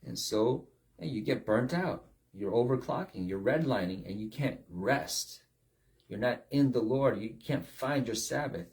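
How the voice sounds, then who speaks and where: A man preaching a sermon at a middling pitch. He drives his points home with repetition and rhetorical questions, in an emphatic preaching delivery. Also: expressive, unhurried, darkish tone.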